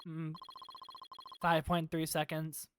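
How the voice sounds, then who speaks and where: A woman voicing a calm, smug male bomb-disposal expert witness, clipped and deadpan, for a courtroom game. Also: low voice, slow pace, a little hiss or hum, voice pushed down.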